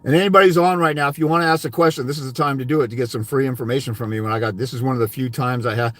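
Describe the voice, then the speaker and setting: A man's voice: medium pitch, steady tone, racing, fairly bright tone, no echo. A man consultant giving a blunt, profane, berating livestream rant. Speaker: fathers' rights consultant. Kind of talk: ranting livestream monologue.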